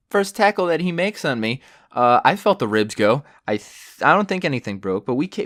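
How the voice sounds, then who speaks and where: A young man hosting a podcast and telling stories in a rambling, sarcastic way, with lots of fillers, and his pitch jumps when he gets worked up. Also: no echo, clean studio sound. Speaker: podcast host. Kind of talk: casual solo storytelling.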